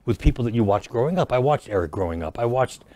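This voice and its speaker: A man, an actor and comedian, telling animated stories as a guest in a casual studio interview. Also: medium pitch, quick pace. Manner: animated storyteller who jokes and restarts lines.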